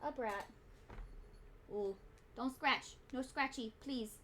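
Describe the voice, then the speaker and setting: A young woman streaming a game in casual, excitable chat, swearing, mocking herself and talking to her cat. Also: high voice, takes it slowly, a little hiss or hum. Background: faint background music.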